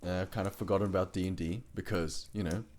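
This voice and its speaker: 느긋하게 이야기하는 저음의 남자. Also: male voice, low-pitched, steady tone, quick pace, a little mellow. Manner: laid-back, many fillers. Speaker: player, co-host. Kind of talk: casual podcast chat.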